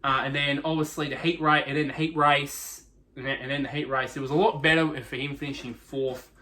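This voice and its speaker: A young man talks through a race review off the cuff. His tone is bright and forward, and he stumbles over his words often, restarting phrases and leaning on fillers as he goes. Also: on the high side, steady tone, fairly quick. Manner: rambling, many restarts and fillers. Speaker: motorsport review host. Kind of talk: casual unscripted race recap.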